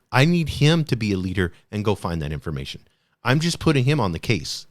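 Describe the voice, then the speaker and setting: A man hosting a podcast, talking casually about coaching at work in a loose, conversational way, often hedging with "kind of" and restarting his sentences. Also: medium pitch. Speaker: podcast host on leadership. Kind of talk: casual solo podcast talk.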